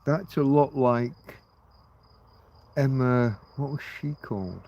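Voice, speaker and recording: A middle-aged man rambles through an unstructured livestream, thinking out loud and dropping the odd curse. His pitch sits in the middle of the male range. He is outdoors at night. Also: slow pace, creaky, highs cut off. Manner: rambling, muses aloud and swears casually. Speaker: livestream host. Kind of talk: rambling casual livestream chat.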